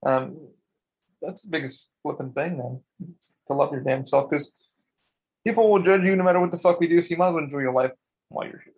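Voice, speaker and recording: A man co-hosting a podcast in casual chat, rambling and excitable, swearing a lot and acting out what people said. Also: on the high side, a little fast, long pauses, slightly rough. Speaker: podcast co-host.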